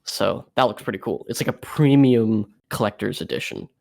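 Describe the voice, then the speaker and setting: A man's voice: fairly low pitch, moderate pace, vocal fry, darkish tone. A man co-hosting a podcast in casual chat, laid-back and matter-of-fact. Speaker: podcast co-host.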